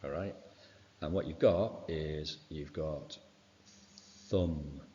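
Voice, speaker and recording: Very deep-voiced male teacher, revision lesson. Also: takes it slowly, dark tone. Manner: informal, fills with "right" and "okay". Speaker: science teacher. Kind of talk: exam revision walkthrough. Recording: dull sound with long reverb.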